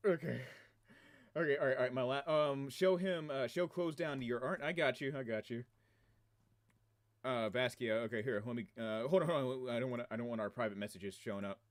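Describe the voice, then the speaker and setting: A man chatting casually on his game livestream from a room at home, excitable and rambling, often breaking into laughter. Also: mid-range voice, a little fast. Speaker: game streamer.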